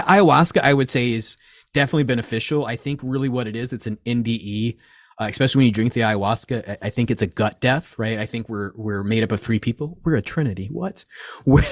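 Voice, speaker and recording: A man's voice: lowish voice, no room sound, clean studio sound. Rambling swearing man in his forties. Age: 40s. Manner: rambling, animated, swears often, acts out quoted voices. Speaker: crystal and reiki shop owner, guest. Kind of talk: casual interview chat.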